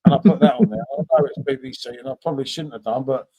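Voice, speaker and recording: An English man chatting casually over beers, talking fast and swearing now and then. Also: mid-range voice, dry recording, dull audio.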